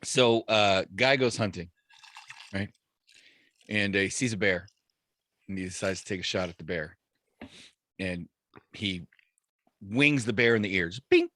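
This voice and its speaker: A man's voice: on the low side, unhurried, pauses often, a bit bright, dry recording. A man hosting a podcast in casual chat, telling a crude joke in a laid-back way. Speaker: podcast host.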